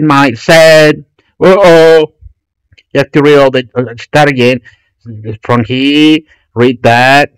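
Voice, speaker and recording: A man's voice: medium pitch, clean tone, no echo, poor audio. A man from Chile, a channel host who rambles through websites in a profane, rambling commentary full of restarts and swearing. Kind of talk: ranting commentary while browsing websites.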